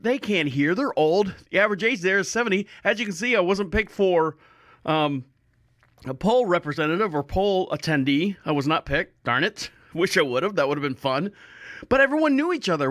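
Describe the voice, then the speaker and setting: High-voiced rambling male podcast host. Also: fairly bright tone, no echo, clean studio sound. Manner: rambling, jokey, self-mocking. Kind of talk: casual storytelling monologue.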